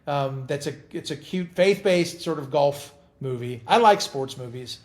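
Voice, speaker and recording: A middle-aged man chatting as an interview guest, telling animated stories and often repeating words as he talks. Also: fairly high pitch, a little slow. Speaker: guest actor. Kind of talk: casual interview chat.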